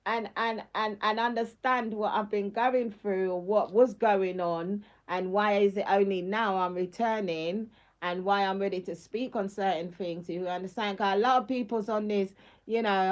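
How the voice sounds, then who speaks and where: A woman's voice: mid-range voice, normal speed, highs cut off. A middle-aged woman, talking on a casual live stream in an emphatic, slangy way and laughing often.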